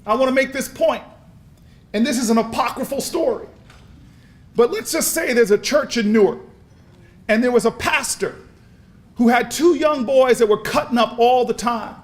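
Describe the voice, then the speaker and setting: High-pitched man preaching with fire. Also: moderate pace, pauses often. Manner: storytelling, repeats words, builds to shouts. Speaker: speaker at a convention. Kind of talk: impassioned preacher-style speech. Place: large convention hall.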